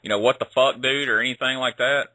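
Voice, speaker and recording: Bright-voiced radio host asking questions. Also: male voice, medium pitch, fairly even intonation, fast talker, no room sound, poor audio. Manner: casual, profane questioning. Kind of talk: interviewer questions.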